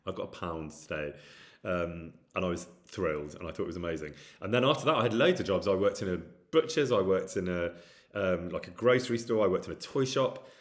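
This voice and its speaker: A man's voice: low voice, lively intonation, a little fast. A middle-aged man with a light Midlands accent, chatting casually and candidly as he answers viewer questions, with frequent ums and restarts. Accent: light Midlands English. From England. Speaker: actor streaming with chat.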